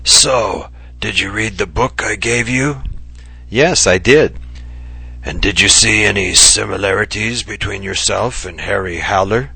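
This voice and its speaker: A man's voice: lowish voice, unhurried, vocal fry, sharp tone, breathy edge, dry recording, exaggerated voice. A man doing an impish, ailing old writer. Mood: earnest. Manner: mock-serious, mischievous, coughing bouts. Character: impish ailing older male writer, theatrical.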